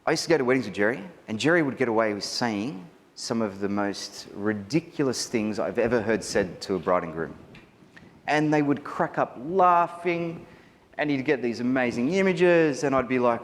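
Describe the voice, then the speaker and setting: A man's voice: mid-range voice, normal speed, a little hiss or hum. Chatty Australian man in a reverberant hall. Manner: animated, chatty, asks the audience questions. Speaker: wedding photographer giving a seminar. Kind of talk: live seminar talk to an audience. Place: large hall. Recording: reverberant hall with faint ambience.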